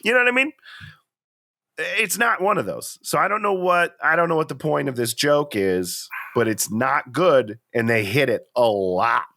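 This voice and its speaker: A man co-hosting a podcast, talking through a movie in an animated, playful, chatty way. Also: a little high, moderate pace. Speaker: podcast co-host. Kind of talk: casual chat.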